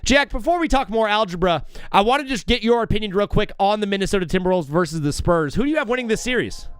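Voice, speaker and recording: Man, live-stream sports host, high voice, lively swings, dry close sound, jokey rambling banter. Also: quick pace, clear, resonant tone, no room sound. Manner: energetic, joking, rambling riffs.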